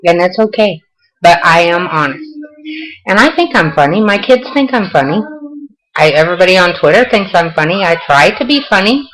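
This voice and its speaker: In a low-quality recording, a vlogger from the Southern United States answers questions and chats about home life, folksy and quick to poke fun at herself. She's an older woman whose fairly low, fairly bright voice is expressive and moderately paced.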